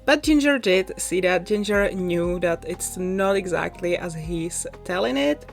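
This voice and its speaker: A young woman chatting through a voice-over, a little out of breath and quick to laugh as she rambles through a story. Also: mid-range voice. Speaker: YouTuber. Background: soft background music.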